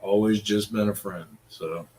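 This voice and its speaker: A man's voice: lowish voice, steady tone, unhurried, darkish tone, slight background noise. A middle-aged man, ranting casually in a crude, profane, rambling way. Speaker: vlogger.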